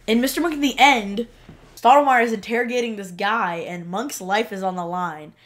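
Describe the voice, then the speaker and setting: A woman's voice: medium pitch, moderate pace. A woman co-hosting a podcast, recounting favorite TV scenes in casual chat and acting out characters' quotes. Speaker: podcast co-host. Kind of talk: casual chat recapping TV episodes.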